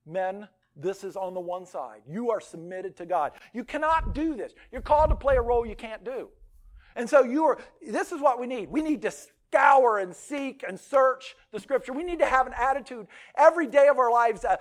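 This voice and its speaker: Male pastor, high and lively voice; booms one moment, drops to a hush the next, jokes at his own expense. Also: moderate pace. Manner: animated, swings from loud outbursts to hushed near-whispers; self-deprecating humor. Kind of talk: sermon.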